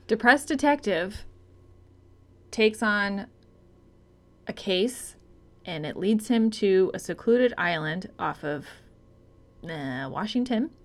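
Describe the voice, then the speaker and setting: A young woman co-hosting a casual movie podcast, laid-back and deadpan, laughing often. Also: mid-range voice, takes it slowly, long pauses. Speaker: podcast co-host.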